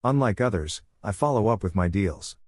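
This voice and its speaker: A man voicing a mighty, smug male alien warlord in a fan story reading, low-pitched and dry. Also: expressive, moderate pace, a little mellow, dry recording. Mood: commanding. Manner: smug, commanding.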